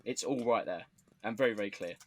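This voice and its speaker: A man's voice: on the low side, fast talker, fairly bright tone, no room sound. A man speaks in a dry, close-up recording with no room sound. He lays out his defence earnestly, step by step, in casual podcast banter. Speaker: podcast co-host. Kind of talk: casual mock courtroom banter.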